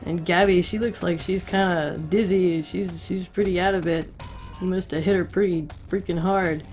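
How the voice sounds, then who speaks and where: A woman's voice: fairly low pitch, steady tone, moderate pace, a little mellow, faint music behind. A woman casually recapping a story with profane, wry asides. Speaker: recap host.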